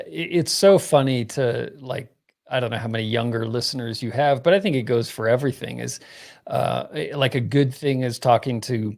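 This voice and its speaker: Male guest, middle-aged, gravelly fry in the voice, loose conversational delivery. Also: mid-range voice. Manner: relaxed, rambling, filler-heavy talk. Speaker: podcast guest. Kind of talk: casual podcast conversation.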